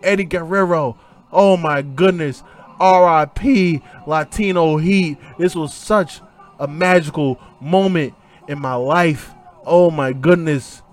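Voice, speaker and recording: Podcast guy re-calling a wrestling match, slightly high voice, choked up and teary. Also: takes it slowly. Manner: excited play-by-play shouting, then emotional and hushed; speaks with a tearful, choked-up tone. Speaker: podcast host.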